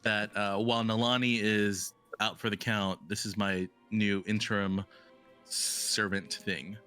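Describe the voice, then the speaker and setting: A young man with a bright, forward voice and a slightly low pitch, talking his way through his turn in a tabletop game. He rambles, circling back with lots of fillers. Faint music plays behind him. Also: level tone, measured pace, smooth. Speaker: player.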